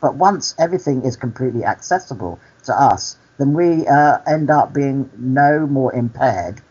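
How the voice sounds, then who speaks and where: A male actor and activist, a guest in a candid interview, speaking earnestly and telling stories at an unhurried pace. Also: medium pitch, lively intonation, a little mellow, slightly rough, dull audio.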